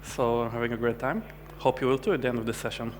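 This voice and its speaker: Guy doing a conference talk, jokey and relaxed, mid pitch, big echoey hall with a little hum. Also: fast talker. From Israel. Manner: light, joking presenter who acts out quoted chats. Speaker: conference speaker. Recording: hall reverb with faint hum.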